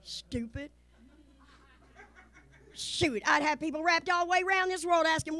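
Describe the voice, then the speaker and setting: A middle-aged woman from the American South with a Southern accent, performing a lively stand-up comedy set on stage and putting on voices for the people she quotes. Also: very high-pitched, a little slow, long pauses, dry recording.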